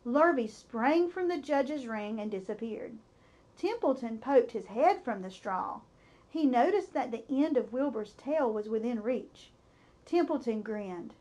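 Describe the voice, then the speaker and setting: A woman reading a children's novel aloud, narrating expressively. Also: a little high. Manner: slow, expressive storytelling. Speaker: storybook reader.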